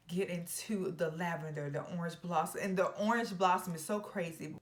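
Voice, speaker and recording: A young woman talks straight to camera about fragrances in an emphatic, playful way. Her voice sits a little low for a woman, and she now and then drops into hushed, whispered asides. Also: normal speed, hardly any pauses. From Georgia, US. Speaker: fragrance reviewer. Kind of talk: casual chat to camera.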